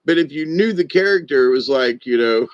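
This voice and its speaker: A man's voice: medium pitch, fairly quick, no echo. Older man rambling about cartoons, lo-fi. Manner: animated storyteller, trails off and restarts. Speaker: former stage director and puppeteer. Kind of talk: rambling casual monologue. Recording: dull, dry lo-fi audio.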